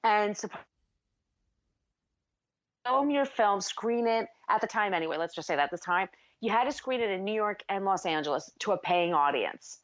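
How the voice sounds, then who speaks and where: A woman co-hosting a podcast in casual chat, animated and acting out scenes as she retells them. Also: mid-range voice, normal speed, highs cut off. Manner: animated, acts out movie characters with shouting. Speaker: podcast co-host.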